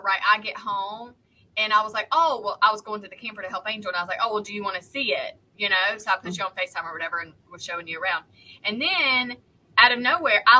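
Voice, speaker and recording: A woman co-hosting a podcast, telling a lively story to friends and acting out what people said. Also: mid-range voice, a little hiss or hum, poor audio. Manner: animated storyteller who acts out quotes. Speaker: podcast co-host. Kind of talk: casual chat among friends.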